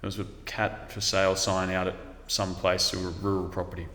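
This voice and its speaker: A man's voice: low-pitched, flat delivery, moderate pace, bright, forceful tone. Laid-back Australian man, echoey room. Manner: rambling, laid-back, drifts off topic. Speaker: storyteller. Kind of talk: casual storytelling. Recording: echoey room with long reverb.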